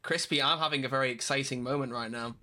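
A man hosting a podcast in casual, teasing chat, taking calls with animated energy. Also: mid-range voice, quick pace. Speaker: podcast host.

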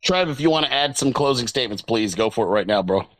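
A man's voice: mid-range voice, animated, fast talker, dry recording, rough recording. A man hosting a casual live audio chat show, talking in a loose, chatty way over a remote call. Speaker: host.

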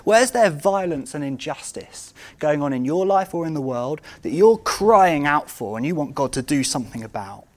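A man preaching a sermon, asking his congregation rhetorical questions and moving between loud outbursts and quiet, intimate moments. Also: fairly high pitch, lively intonation, normal speed, few pauses.

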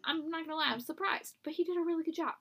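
A young woman co-hosting a podcast in casual chat, chatty and giggly, with quick asides. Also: very high-pitched, fairly even intonation, a bit bright. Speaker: podcast co-host.

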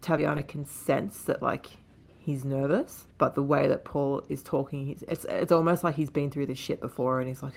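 Low gravelly-voiced woman chatting. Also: moderate pace. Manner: relaxed and conversational, with fillers. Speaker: podcast co-host. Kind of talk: casual chat recapping a story.

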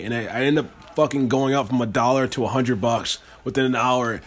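Fast-talking excitable young man. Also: medium pitch. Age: young adult. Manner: fast, excitable storytelling with swearing. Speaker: podcast co-host. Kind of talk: casual podcast chat.

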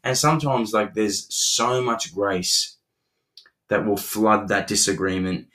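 Earnest young male co-host, slightly low voice, halting and repetitive delivery. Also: steady tone, sharp tone. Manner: earnest, many restarts and repeated words. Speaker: podcast co-host. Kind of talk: relationship advice chat.

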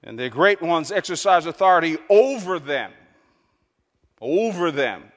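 A man preaching a sermon in a church, emphatic and repetitive, swinging between loud, lifted lines and hushed ones. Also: fairly high pitch, animated, normal speed. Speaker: pastor. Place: large church hall. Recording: long reverb of a large hall.

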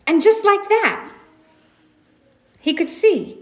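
A woman's voice: very high-pitched, animated, slow. A woman preaching a sermon, retelling a story in a reflective way and asking rhetorical questions.

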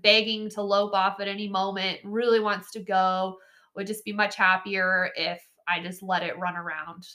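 A woman hosting a horse training podcast, giving casual, chatty coaching with frequent laughs and "right?" asides. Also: medium pitch. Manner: chatty, animated, laughs often, says "right?" and "like".

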